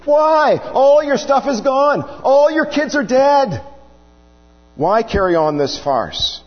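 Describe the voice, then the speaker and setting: A man's voice: on the high side, very animated, unhurried, in a large hall, dull audio. Man putting on a bitter, exasperated wife. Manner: pleading, exasperated questions. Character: despairing bitter wife, middle-aged woman.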